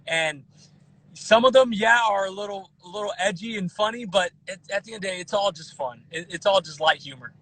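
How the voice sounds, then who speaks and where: A man in his thirties guesting on a podcast, talking in an animated way with lots of restarts and repeated words. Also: sits high, brisk, low-quality recording. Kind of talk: casual podcast chat.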